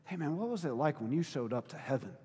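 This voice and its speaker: A man preaching a sermon in a conversational, informal way, dropping to quiet reflection and then rising to loud, emphatic appeals. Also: a little high, very animated, quick pace, breathy edge, big-room sound. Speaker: pastor.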